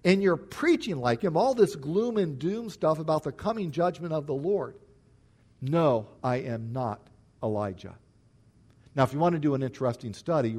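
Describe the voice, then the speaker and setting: A man's voice: mid-range voice, darkish tone, husky. A man preaching a sermon, explaining scripture verse by verse with emphatic stress on key points. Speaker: pastor.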